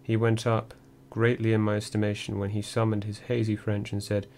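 A man reading a first-person memoir audiobook in a measured, dry storytelling manner. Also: lowish voice, monotone, a little mellow. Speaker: audiobook narrator.

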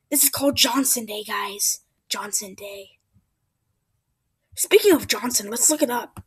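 A woman giving excitable let's play commentary, yelping at mishaps and dropping into whispered asides. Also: a little high, normal speed, slight background noise. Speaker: gameplay commentator.

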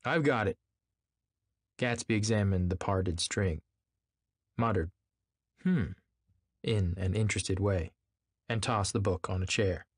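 A man reading a novel aloud in a measured, even way. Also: low voice, breathy edge, no room sound, clean studio sound. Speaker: reader.

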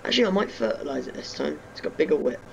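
Talking very fast in a fairly high, animated voice with vocal fry, a young man provides casual commentary on a farming game from his home bedroom. This gaming YouTuber addresses viewers with self-mocking asides, and the audio is dull with a little hiss or hum.

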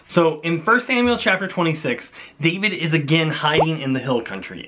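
A young man retells a Bible story for children in a bright, high voice. He is animated and jokey, speaking directly to the kids as their teacher. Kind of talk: kids' Bible lesson, playful retelling.

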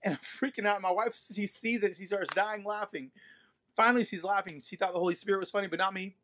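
A man preaching a sermon to an online congregation, telling stories in a playful, animated way and speaking straight to his listeners. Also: high voice, fast. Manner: animated, playful, addresses audience directly. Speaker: pastor. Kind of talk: sermon storytelling. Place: livestream during quarantine.

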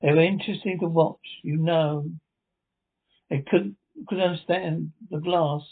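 A man's voice: a little high, steady tone, a little slow, creaky, breathy edge, full character voice. A man reading the part of a lighthouse keeper as he recalls the rat siege, with plain delivery and frequent restarts. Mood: uneasy recollection. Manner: reads lines plainly with restarts. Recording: tinny phone-like sound.

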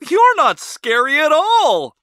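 A woman's voice: high voice, huge pitch swings, slow pace, pushed and bright, dry recording, clean studio sound, pitched above the performer's own voice, heavily acted. A woman voicing a timid, whiny young male servant in a storybook reading. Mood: nervous. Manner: whiny and fearful.

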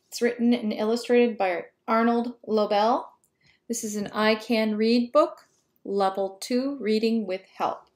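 Slow-reading woman teacher. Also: medium pitch, slight background noise. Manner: slow, careful and friendly. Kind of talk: children's read-aloud.

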